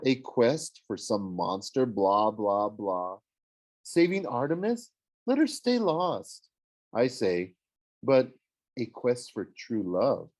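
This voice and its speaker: A man voices Aphrodite, a swooning, dramatic love goddess who is a woman, as an audiobook character. His performance is gushing, theatrical, and heavily acted. His mid-range, darkish voice is sing-song and slow.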